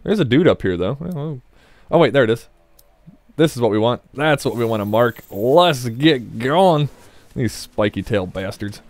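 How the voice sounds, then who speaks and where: A man's voice: medium pitch, lively intonation, moderate pace, darkish tone, no room sound. A man casually commenting on his gameplay as a Let's Play host, rambling and joking with his viewers. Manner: rambling, jokey, talks to viewers.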